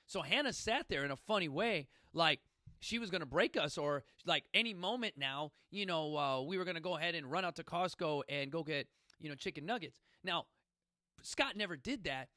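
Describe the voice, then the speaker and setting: Forceful middle-aged man telling a story. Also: on the high side, expressive, fairly quick, no echo, studio quality. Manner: emphatic, folksy, prods listeners with questions. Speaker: podcast host. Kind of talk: casual storytelling talk.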